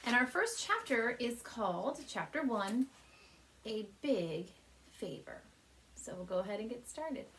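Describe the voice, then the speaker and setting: A woman teacher reading a children's chapter book aloud from her couch at home, speaking gently and warmly to young listeners. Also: on the high side, measured pace, slight background noise. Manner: gentle, animated storyteller addressing kids.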